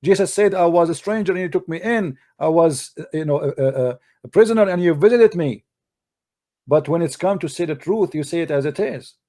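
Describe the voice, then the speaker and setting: A man's voice: a little high, expressive, moderate pace, warm tone. Combative man with an Arabic accent. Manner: combative, scolding, non-native grammar. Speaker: host. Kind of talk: polemical commentary.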